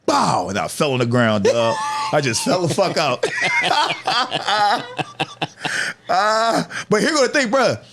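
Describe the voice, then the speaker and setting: A man's voice: sits high, very animated, slow pace, noisy background. A man in his thirties telling stories in a casual, profane podcast chat, laughing as he goes. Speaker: podcast guest, comedian.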